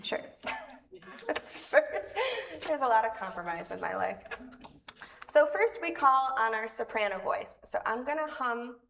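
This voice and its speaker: Her voice is on the high side, gravelly and a bit bright, very animated yet unhurried. She's a woman leading a children's time in a worship service, friendly and chatty with the kids and given to small laughs. The recording is distant and echoey, with faint noise.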